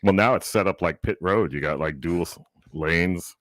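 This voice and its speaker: Bright, wry male radio co-host. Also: sits low, moderate pace, no room sound, studio quality. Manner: wry, joking commentator. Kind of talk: casual morning show chat.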